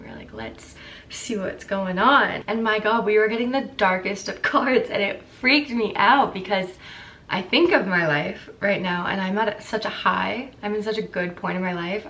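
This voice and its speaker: A young woman in her twenties with a croaky morning voice, chatting candidly and rambling to camera as a vlogger. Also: mid-range voice, a bit bright, distant mic, slight background noise. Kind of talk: casual chat to camera.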